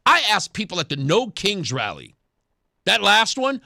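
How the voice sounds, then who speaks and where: A man's voice: very high voice, big pitch swings, measured pace, sharp tone, no room sound, studio quality. A man hosting a talk radio show, giving sarcastic political commentary and laughing often. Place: radio studio.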